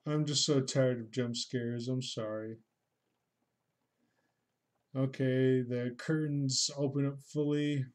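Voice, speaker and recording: A man's voice: medium pitch, fairly even intonation, takes it slowly, long pauses, a little mellow. A man casually commenting on videos during a livestream, dry and sarcastic with mock-scared jokes. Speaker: livestreaming artist reacting to videos.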